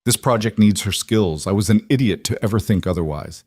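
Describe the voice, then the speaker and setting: A man voicing a contrite businessman who keeps his voice steady and even. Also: lowish voice, a little fast, no echo, clean studio sound, lightly acted. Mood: steady contrition. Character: contrite businessman husband, middle-aged, steady.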